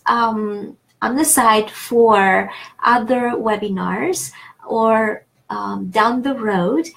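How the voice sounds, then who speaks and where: A woman teaching a casual online French pronunciation lesson, chatty and encouraging, with many fillers and restarts. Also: a little high. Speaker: French tutor.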